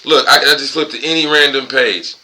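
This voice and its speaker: A man's voice: mid-range voice, fairly quick, bright, forceful tone, low-quality recording. A buzzed man rambling and ranting profanely at home in a casual vlog monologue. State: tipsy and high. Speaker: vlogger.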